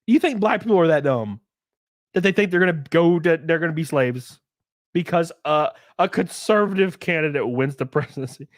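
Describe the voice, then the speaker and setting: A man chatting on his livestream in a loose, excitable way, swearing freely as he talks. His voice rides somewhat high and leaps around a lot. The sound is dry and close. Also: normal speed, no echo. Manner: profane, excitable, animated ranting. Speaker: livestream host reading viewer donations. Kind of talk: casual livestream chat and rant.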